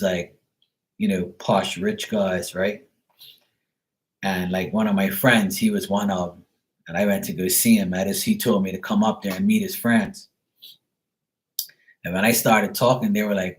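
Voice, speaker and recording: A man's voice: sits low, rough recording. A man from Bermuda with a Bermudian accent, chatting loosely on a live stream, full of "like" and casual swearing. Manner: loose and rambling, heavy on "like", swears freely. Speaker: tarot reader, live streamer.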